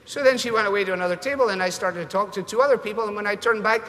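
A man preaching a sermon, telling stories in an animated way and changing his voice for the people he quotes. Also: racing, hardly any pauses. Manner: storytelling, animated, shifts pitch for quoted voices. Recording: long hall reverb.

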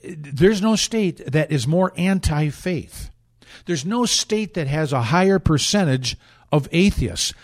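A man's voice: on the high side, darkish tone. A man hosting a political talk show, delivering sarcastic, indignant commentary with emphatic repetition and frequent restarts.

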